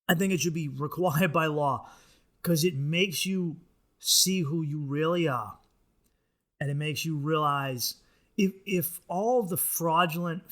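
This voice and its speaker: Male comic hosting a podcast, high-ish voice, swearing, ranty solo monologue. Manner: profane, ranting, animated. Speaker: comedian and podcast host.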